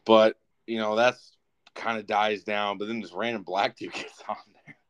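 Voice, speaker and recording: A young man co-hosting a casual talk show, telling a rambling, profane story in an animated way. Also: lowish voice, normal speed. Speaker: podcast co-host.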